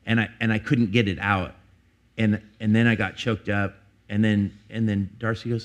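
A man's voice: on the low side, flat delivery, moderate pace. A middle-aged man, a pastor, preaching in church in a candid, conversational way, telling a personal story with frequent restarts. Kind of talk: sermon.

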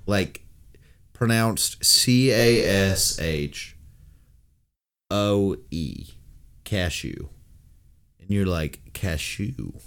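A man's voice: on the low side, expressive, a bit bright. A man co-hosting a comedy podcast, telling stories in a drawling, joking way. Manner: slow, drawling storyteller with big laughing outbursts. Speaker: podcast co-host. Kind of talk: casual comedic banter.

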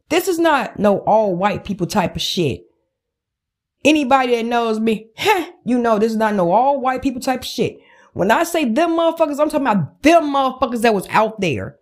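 Woman, angry profane rant, high-ish voice, unhurried. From United States. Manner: profane, heated, emphatic. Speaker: podcast host.

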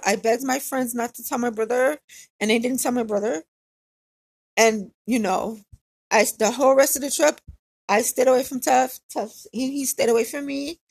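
A woman's voice: fairly high pitch, moderate pace, vocal fry, long pauses, slightly rough, no room sound. A woman casually telling a personal story in a candid, conversational way, often repeating phrases for emphasis.

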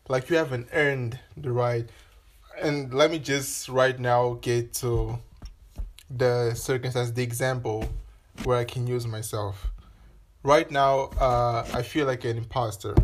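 A man hosting a solo podcast, talking in a loose, rambling way and swearing casually. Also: mid-range voice. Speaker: podcast host.

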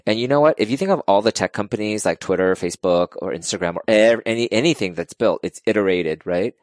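Deep-voiced man, earnest and emotional. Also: fast, dry recording, studio quality. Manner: earnest, emotional, animated storytelling. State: tearing up. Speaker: podcast guest. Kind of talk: casual interview chat.

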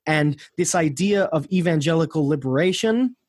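Husky-voiced man telling history casually. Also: a little high, expressive, moderate pace, darkish tone, no room sound. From United States. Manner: rambling storyteller, frequent restarts.

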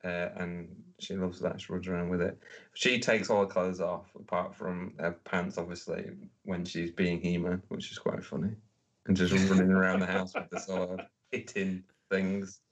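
A man's voice: sits low, little pitch movement, normal speed. A man in casual podcast chat, dry and understated.

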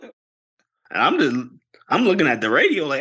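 A man co-hosting a podcast, telling a story in a casual, animated way and jumping into high voices whenever he quotes people. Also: normal speed, husky. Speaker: podcast co-host.

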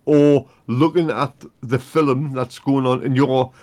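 A man chatting casually on a podcast, laughing often as he talks. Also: medium pitch. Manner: slow, animated, laughs often. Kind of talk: casual chat.

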